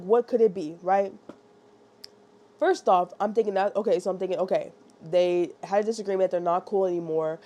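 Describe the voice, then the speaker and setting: A woman giving a casual, rambling book review, talking animatedly and constantly checking in with her listeners. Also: medium pitch. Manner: animated, rambling, lots of "like" and "right?".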